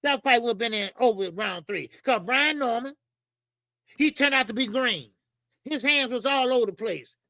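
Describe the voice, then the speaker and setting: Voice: mid-range voice, normal speed, pushed and bright, no room sound. A boxing channel host giving blunt, profane opinions straight to viewers, often repeating lines for emphasis.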